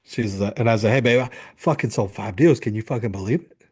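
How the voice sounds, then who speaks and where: A man's voice: lowish voice, fast, husky. A middle-aged man, a men's coach, telling a story in an interview, acting out what people said and swearing freely. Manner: animated, acts out quotes, swears freely.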